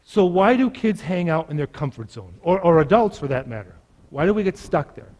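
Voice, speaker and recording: A man's voice: on the high side, sing-song, a little fast, a little mellow, long reverb tail. A middle-aged man presenting at a parenting workshop, explaining ideas in a reflective way. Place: large conference room.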